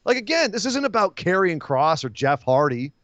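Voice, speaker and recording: Animated high-voiced man ranting. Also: moderate pace, no room sound, muffled recording. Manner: animated, ranting, profane, laughs often. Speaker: podcast co-host. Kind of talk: casual wrestling podcast chat.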